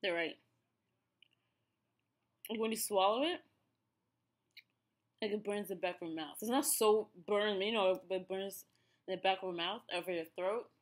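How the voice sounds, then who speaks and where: A woman's voice: mid-range voice, moderate pace, pauses often. A woman in her thirties with an Ethiopian accent, chatting casually through a snack review with many fillers and restarts. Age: 30s. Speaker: vlogger.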